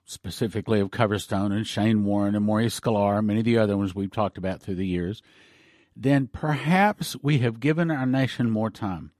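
A man's voice: mid-range voice, darkish tone, dry recording, studio quality. A man hosting a ministry broadcast, preaching informally and appealing for support, rambling with restarts and emotional asides. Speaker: host of a prophecy ministry broadcast.

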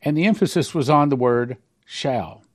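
A man's voice: mid-range voice, moderate pace. A man hosting a talk show, reading prophecies aloud and commenting on them in an emphatic, preachy way. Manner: emphatic, preachy, stresses key numbers.

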